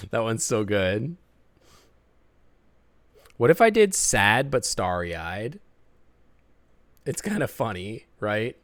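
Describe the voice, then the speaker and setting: A man's voice: lowish voice, very animated, drawn-out words, long pauses, a bit bright, no room sound. A man commentating a game on a live stream, playful and joking. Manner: playful, joking, laughs often.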